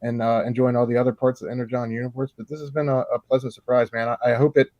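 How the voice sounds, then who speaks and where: A man's voice: medium pitch, level tone, rapid-fire, no room sound, highs cut off. A man on a panel livestream, chatting about comics in a rambling, laid-back way full of restarts. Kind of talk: casual panel chat on a livestream.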